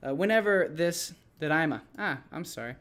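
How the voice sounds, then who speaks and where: A man's voice: on the high side, expressive, normal speed, fairly bright tone. A man who teaches English, casually explaining his classroom activities to other teachers in a loose, rambling way with frequent restarts.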